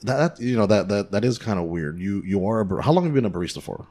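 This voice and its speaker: A man's voice: on the low side, lively intonation, very fast, dark tone. A man hosting a casual podcast, asking rambling, joking questions. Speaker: podcast host. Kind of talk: casual chat.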